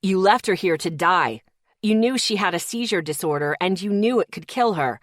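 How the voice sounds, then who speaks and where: A woman's voice: sits low, lively intonation, normal speed, no room sound, studio quality. Woman voicing a furious protective young man. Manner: hushed at first, then growling and shaking with anger. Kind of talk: audiobook character reading.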